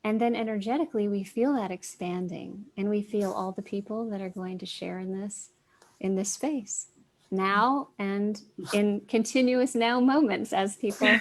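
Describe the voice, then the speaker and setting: A woman's voice: mid-range voice, steady tone, normal speed, no echo. A woman, a guest in a heartfelt spiritual conversation over a video call, speaking earnestly and repeating phrases for emphasis.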